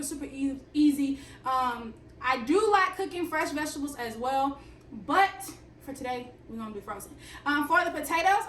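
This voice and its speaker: A woman's voice: high-pitched, a bit bright, recorded from a distance, slight background noise. A young woman with a Southern accent from Alabama, chatting playfully to viewers while cooking in her home kitchen. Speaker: fitness and cooking vlogger. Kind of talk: casual cooking vlog. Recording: roomy kitchen audio, mic set back.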